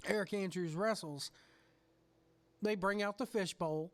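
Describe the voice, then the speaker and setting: A man's voice: high voice, a little slow. A man hosting a podcast, telling a story with lots of swearing. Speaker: podcast host. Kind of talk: casual chat.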